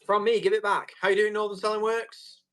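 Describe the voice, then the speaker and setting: A man's voice: high voice, level tone, fairly quick, fairly bright tone, soft background music. A man running a live tool auction, chatty and jokey with viewers. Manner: chatty, jokey salesman patter.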